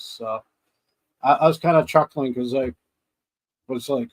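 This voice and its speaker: A man's voice: medium pitch, unhurried, long pauses, poor audio. A man co-hosting a podcast in casual chat, rambling through scenes, acting out his own reactions and laughing often. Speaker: podcast co-host.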